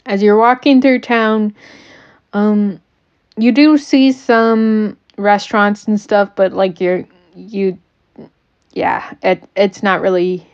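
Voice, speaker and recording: A woman's voice: mid-range voice, fairly even intonation, takes it slowly, a little mellow, clear, resonant tone, dull audio. A woman running a tabletop game on a stream who teases her players, laughs often and uses many fillers. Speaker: game master.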